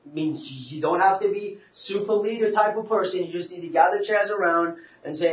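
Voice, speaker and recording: Man, church talk, animated storytelling, fairly high voice, roomy distant lo-fi sound. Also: fairly quick, hardly any pauses. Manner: animated storytelling, many restarts. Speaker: speaker.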